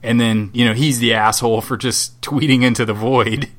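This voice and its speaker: A man's voice: mid-range voice, fairly even intonation, normal speed. Sardonic, profane man in casual chat. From Southwest Florida. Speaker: podcast co-host.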